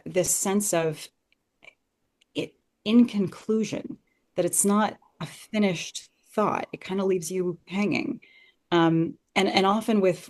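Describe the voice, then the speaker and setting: On a podcast about Shakespeare, a woman with a lowish, slightly mellow voice thinks aloud as she analyses a text. She comes across earnest and enthusiastic, and the talk is conversational.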